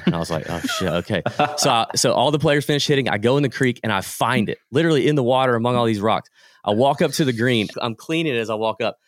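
A man, a guest on a podcast, telling lively anecdotes in a casual way and acting out the people he quotes. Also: mid-range voice, fast, no room sound. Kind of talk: casual storytelling.

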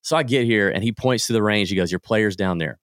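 Low-voiced man telling stories. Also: fast talker, clear, resonant tone, no room sound, studio quality. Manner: lively anecdotes, acting out the people he quotes. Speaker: podcast guest. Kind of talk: casual storytelling.

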